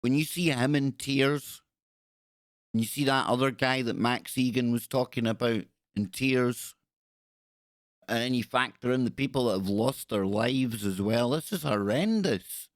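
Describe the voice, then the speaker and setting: A man's voice: medium pitch, a little slow, no room sound. Sarcastic male show host, dry close mic. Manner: indignant, sarcastic, repeats himself. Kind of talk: live-show commentary on video clips.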